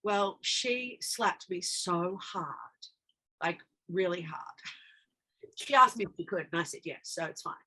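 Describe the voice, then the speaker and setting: A woman, an actress, telling lively stories in a casual interview and acting out lines of dialogue as she goes. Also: lowish voice, measured pace. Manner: animated, acts out dialogue in her anecdotes. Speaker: actress guest.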